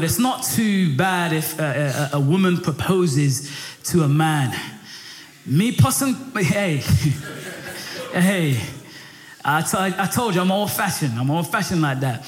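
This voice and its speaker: Passionate high-voiced male preacher. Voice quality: high for a man, lively and passionate, rising when pressed. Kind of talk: sermon. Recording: echoey room with faint music.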